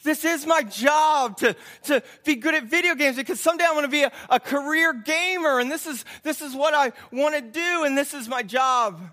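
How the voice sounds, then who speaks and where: A man's voice: very high voice, normal speed, few pauses, bright, forceful tone. A man acting out a teenage boy who frantically pleads with his dad. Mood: pleading.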